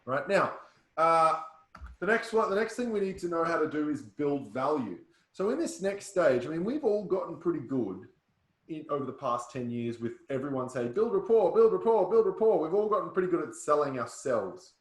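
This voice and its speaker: A man's voice: on the high side, big pitch swings, moderate pace. Brief: male sales trainer, punchy, slightly raised voice, roomy sound. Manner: punchy, keeps checking in with listeners. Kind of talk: workshop coaching. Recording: roomy echo.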